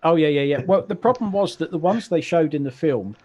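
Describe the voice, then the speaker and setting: Lively, husky British man joking on a stream. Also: a little high, brisk. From Britain. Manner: joking, chatty. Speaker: co-host. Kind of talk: casual live-stream chat.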